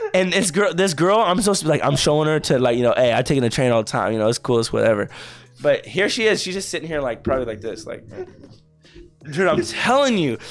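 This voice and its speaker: A young Texan man co-hosts a podcast, his voice on the high side. In casual chat he tells a long, rambling story, saying "bro" a lot.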